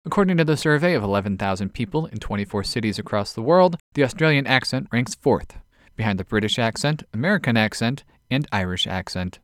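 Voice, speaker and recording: A man hosting an odd news podcast, reading short stories from a script and reading quotes aloud in a measured way. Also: medium pitch, lively intonation. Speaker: podcast host.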